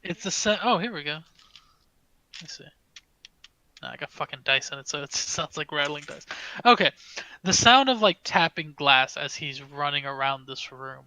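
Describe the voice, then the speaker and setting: A man's voice: a little high, animated, moderate pace, sharp tone, rough recording. A man narrating a tabletop game as game master, hesitant with many fillers.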